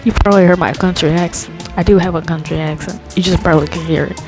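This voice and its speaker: A young woman with a slightly low voice tells a childhood story in a loose, rambling way. She leans on fillers and keeps her pace slow on purpose. Music plays clearly underneath her. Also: fairly even intonation. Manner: rambling, filler-heavy, talks slowly on purpose. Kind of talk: casual storytime monologue.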